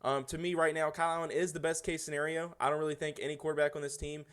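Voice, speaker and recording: A man's voice: a little high, little pitch movement, rapid-fire, a bit bright, clean tone. A man guesting on a casual sports podcast, often restarting his sentences with repeated words.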